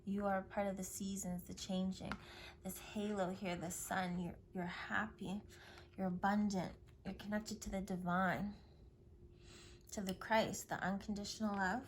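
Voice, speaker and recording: A woman giving a spiritual tarot reading in an effusive, affirming way, often dropping into soft whispers. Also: medium pitch, unhurried. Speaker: tarot reader. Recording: steady hiss and clicks.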